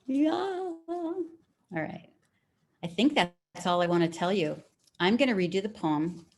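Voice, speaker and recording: A middle-aged writing teacher runs a live lesson over a video call, relaxed and encouraging, and reads poems aloud slowly. Her voice is mid-range.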